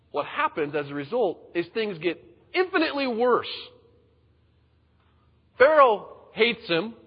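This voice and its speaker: This pastor's voice is husky and sits high. He gives a conversational sermon, voicing the people he quotes as if acting them out, and the recording is dull with heavy hall reverb.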